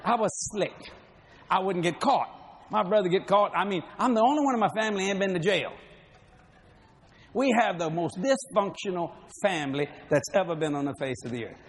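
A man's voice: high voice, animated, brisk, slight background noise. A man preaching a sermon, telling funny stories in a folksy way and laughing between lines. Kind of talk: humorous sermon storytelling.

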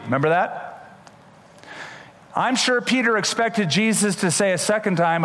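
Male pastor, somewhat high voice, emphatic sermon delivery, long hall reverb. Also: normal speed, pauses often. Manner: animated, emphatic Bible storytelling.

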